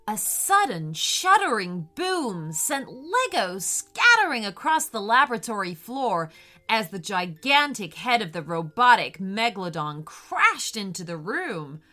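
A woman reading a children's adventure story aloud in a slow, expressive storytelling way. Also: medium pitch.

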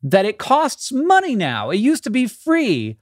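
A man's voice: extremely high pitch, wildly swooping pitch, a little slow, dry recording, studio quality. A man co-hosting a comedy podcast, chatting casually and animatedly, often chuckling. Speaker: podcast co-host.

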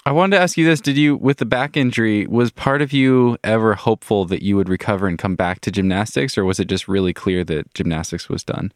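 Low-voiced man hosting an interview. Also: a little fast, few pauses, no room sound, studio quality. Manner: engaged, reacts often, asks long questions. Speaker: podcast host. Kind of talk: casual interview chat.

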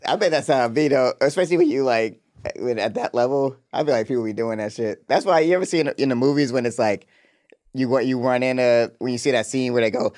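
A man's voice: mid-range voice, quick pace, darkish tone. Laid-back slangy male podcast co-host. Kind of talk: casual recap chat.

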